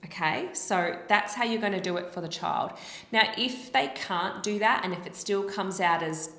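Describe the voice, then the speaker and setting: A woman speech-language pathologist explaining therapy techniques in an encouraging way and demonstrating speech sounds slowly. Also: medium pitch, a bit bright. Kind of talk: instructional explanation. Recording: roomy echo.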